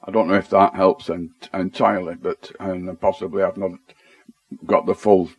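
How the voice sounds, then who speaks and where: Man, Lancashire accent, lowish voice, dry close sound, tentative, Bible study chat. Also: flat delivery, normal speed, slightly rough, no room sound. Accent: Lancashire English. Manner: tentative and self-deprecating, reads out word meanings with frequent restarts. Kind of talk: casual group Bible study discussion.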